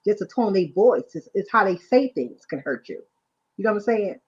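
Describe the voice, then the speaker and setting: Husky woman hosting a faith livestream. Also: mid-range voice, very animated, brisk, a little mellow. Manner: repeats "you know what I'm saying". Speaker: livestream host. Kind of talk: casual faith talk. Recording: dull lo-fi sound.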